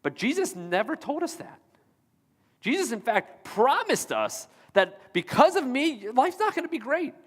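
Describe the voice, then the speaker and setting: A man's voice: extremely high pitch, very animated, moderate pace, long reverb tail. A man pastor delivering a sermon, preaching emphatically and repeating rhetorical questions to the congregation. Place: church auditorium.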